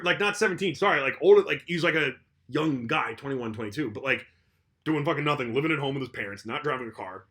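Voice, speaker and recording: A young man co-hosting a podcast in casual chat, telling stories in an animated, profane way. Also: medium pitch, fast talker. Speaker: podcast co-host.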